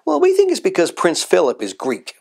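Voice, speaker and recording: A man's voice: sits high, wildly swooping pitch, fairly quick, gravelly, darkish tone, breathy edge. A man playing a patient, hesitant correspondent. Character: patient male news correspondent. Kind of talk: satirical sketch comedy.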